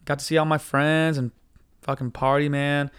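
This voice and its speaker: A man hosting a podcast alone, telling a story in a casual, profane, excitable way and saying "dude" all the time, his voice a little hoarse. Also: fairly high pitch, moderate pace. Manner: profane, animated, says dude constantly. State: hoarse from cigars. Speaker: podcast host.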